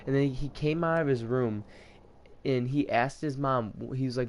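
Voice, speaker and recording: A man's voice: mid-range voice, fairly quick, slight background noise. A young man hosting a gaming video, telling a rambling story over gameplay and restarting his sentences often. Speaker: gaming channel host.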